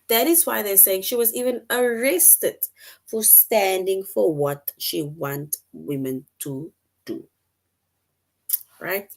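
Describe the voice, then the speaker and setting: A woman with a low voice teaches children in an online lesson, speaking slowly and patiently. She reads sentences aloud clearly and checks in often with "right?"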